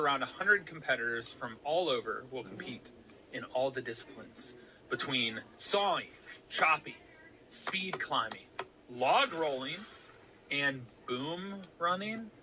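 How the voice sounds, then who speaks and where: Bright-voiced man sharing trivia. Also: mid-range voice, unhurried, slight background noise, low-quality recording. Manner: informative, reading researched facts. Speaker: podcast co-host. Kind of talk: casual chat.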